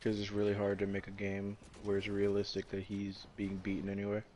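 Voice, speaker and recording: A man's voice: lowish voice, completely flat delivery, brisk, a little mellow, a little hiss or hum. A young man chatting casually while gaming, arguing his opinions with casual slang.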